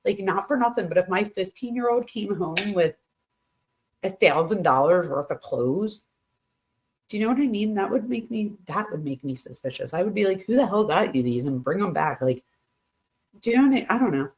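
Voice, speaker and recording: A woman's voice: mid-range voice, lively intonation, normal speed, a little mellow. A middle-aged woman hosting a true crime channel, reading a teen couple's texts aloud and breaking off with exasperated asides to her viewers.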